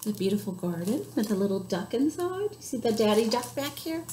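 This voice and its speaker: Lively high-voiced woman reading to kids. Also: a little fast, reverberant, slight background noise. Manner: animated, gasps and animal noises. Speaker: children's librarian. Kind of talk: reading a picture book aloud to children.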